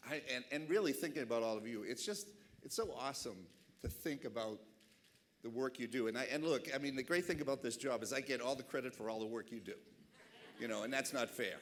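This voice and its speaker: A man's voice: mid-range voice, fast talker. Passionate Boston-accented man giving a keynote. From Boston, USA. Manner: passionate, animated, chatty with asides. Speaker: keynote speaker. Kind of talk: keynote speech. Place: banquet hall.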